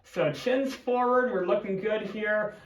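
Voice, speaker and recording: A man's voice: high voice, measured pace, far from the mic, a little hiss or hum. A man, a music teacher, explaining step by step in an instructional video lesson. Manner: clear step-by-step demonstrating. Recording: roomy echo, from off-mic.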